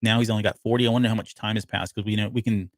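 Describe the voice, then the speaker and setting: A man's voice: lowish voice, fairly even intonation, rapid-fire, no room sound. A man co-hosting a podcast, casually breaking down a TV episode in a rambling way with lots of restarts. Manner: rambling, frequent restarts and fillers. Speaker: podcast co-host.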